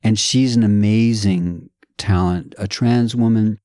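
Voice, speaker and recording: A middle-aged man from the United States, a podcast guest chatting in an animated, digressive way that slips into playful voices. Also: fairly low pitch, a little slow, no room sound, clean studio sound. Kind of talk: casual conversation.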